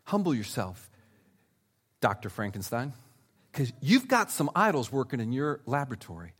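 A man preaching a sermon, talking straight to his listeners and swinging from loud emphasis to hushed asides. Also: mid-range voice, very animated, normal speed, breathy edge. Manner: conversational, speaks directly to listeners. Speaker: pastor.

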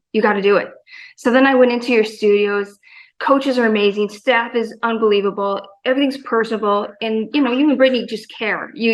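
Enthusiastic rambling woman, fairly high voice. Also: fairly bright tone, rough recording. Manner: enthusiastic, rambling with many fillers. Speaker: guest, gym member. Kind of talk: casual interview chat.

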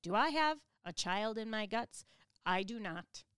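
A woman's voice: medium pitch, animated, measured pace, fairly bright tone, clear, resonant tone, dry recording, studio quality. A woman voicing a bitter, grieving older widow who pleads emphatically with her daughters-in-law.

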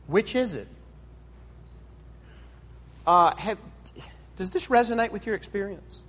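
A male pastor preaching in a conversational, animated way, stacking rhetorical questions. His voice sits somewhat high and leaps around in pitch. A long reverb from the church hall trails every phrase. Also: slow pace, pauses often. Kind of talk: sermon.

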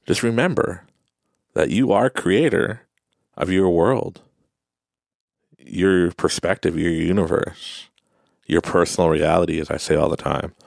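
A young man hosting a podcast, giving an earnest, repetitive motivational talk and sometimes mimicking other people in high voices. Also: measured pace, vocal fry, long pauses, a little mellow, no echo, clean studio sound. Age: young adult. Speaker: podcast host.

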